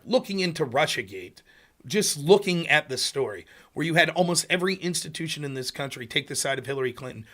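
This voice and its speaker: An American man hosting a political livestream, ranting in an animated, mocking way and sometimes calling himself half asleep. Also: fairly high pitch. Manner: animated, mocking, slips into loud mocking quotes of opponents. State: sleepy.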